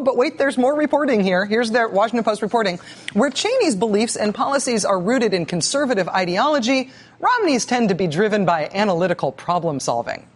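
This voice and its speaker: A woman hosting a cable news show, delivering sardonic, mocking commentary with quick asides and stammered restarts. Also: mid-range voice.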